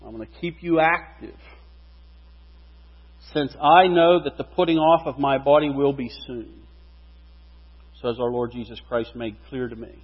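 A man preaching a sermon, animated, his voice rising and falling for emphasis. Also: medium pitch, normal speed, pauses often. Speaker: pastor. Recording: dull, reverberant hall recording.

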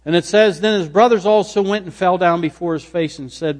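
A man's voice: high voice, fairly quick. A man preaching a sermon, retelling scripture dramatically and acting out the speakers' lines. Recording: long hall reverb.

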